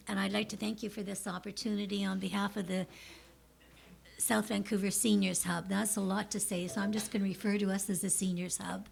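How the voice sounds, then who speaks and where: Gravelly-voiced woman in her seventies. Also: medium pitch. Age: 70s. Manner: warm, emotional, chatty. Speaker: seniors group member speaking to city. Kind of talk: public presentation.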